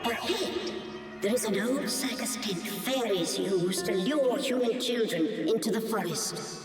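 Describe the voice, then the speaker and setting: A woman's voice: medium pitch, a little slow, reverberant, in a large hall, loud music behind the voice, lightly acted. An actress voicing a mysterious, cryptic female voice of the forest that speaks from the shadows in a video game cutscene. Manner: teasing, cryptic, knowing.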